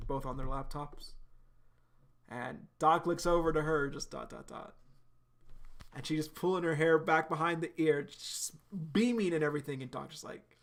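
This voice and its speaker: A man's voice: on the high side, fairly bright tone. A young man hosting a live stream, casually narrating webcomic panels aloud with lots of fillers.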